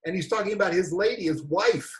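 Animated, incredulous male meditation teacher. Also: high voice, fast, poor audio. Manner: animated, incredulous, rambling asides. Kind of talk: reading and commentary on a spiritual talk.

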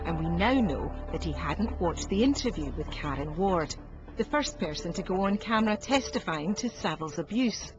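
Brief: documentary narrator, measured and grave, mid-pitched, with music underneath. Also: expressive. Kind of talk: scripted narration. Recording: dull audio under music. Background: music bed.

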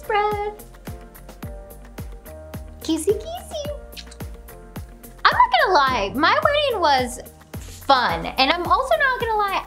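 Bubbly high-voiced woman gushing. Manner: gushing and bubbly, with gasps and laughs. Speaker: host reacting to her own wedding video. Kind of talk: casual reaction commentary.

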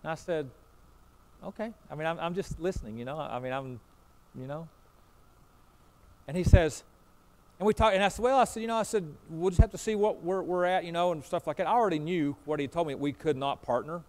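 A pastor preaches a sermon, telling a folksy story and acting out both sides of a conversation, repeating "I said" and "he said." His voice is fairly high and darkish in tone, and he talks fairly quickly.

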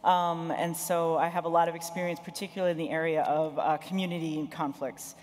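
A woman panelist introducing herself at a conference in a brisk, matter-of-fact way. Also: low-pitched, little pitch movement, darkish tone. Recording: echoey conference hall.

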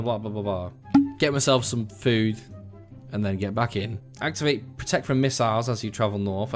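A young man giving casual, excitable gameplay commentary, swearing freely and swinging between mumbled asides and loud outbursts. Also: medium pitch. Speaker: gaming video host. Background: faint background music.

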